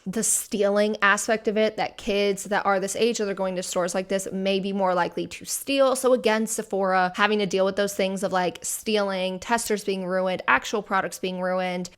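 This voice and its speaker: A woman's voice: mid-range voice, fairly even intonation, clean tone. Woman in her twenties doing commentary. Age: 20s. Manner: measured, explanatory. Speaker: host.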